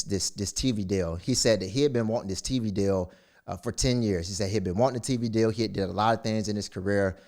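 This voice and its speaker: A man's voice: on the low side, darkish tone. A man speaking to camera as a motivational speaker, retelling a story in a casual, rambling way with many fillers and restarts. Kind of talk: casual monologue.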